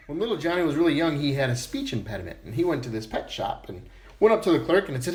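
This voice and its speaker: Casual male joke teller, animated pitch, roomy sound. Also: fast talker. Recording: echoey room.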